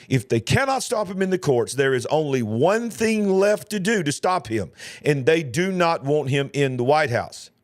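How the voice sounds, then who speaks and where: A man's voice: on the high side, no room sound, clean studio sound. A man, hosting a live news reaction show, talking in an emphatic, emotional way and repeating himself. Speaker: host.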